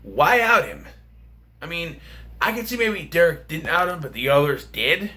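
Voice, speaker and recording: A man talks through a film review in a loose, rambling way, full of fillers and restarts. His voice is bright and a little high. His pitch bounces around animatedly. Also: animated, moderate pace. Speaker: movie reviewer. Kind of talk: casual film review vlog.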